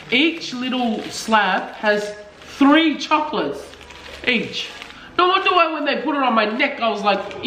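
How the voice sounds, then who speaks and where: A woman chatting casually, emotional and laughing often as she thanks her family. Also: a little high. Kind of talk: casual chat. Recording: echoey room with music behind.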